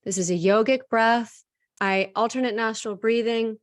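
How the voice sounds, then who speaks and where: A woman's voice: fairly high pitch, steady tone, normal speed, no room sound, clean studio sound. A woman coach in a casual, candid talk, guiding breathing exercises with frequent fillers. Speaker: host and coach.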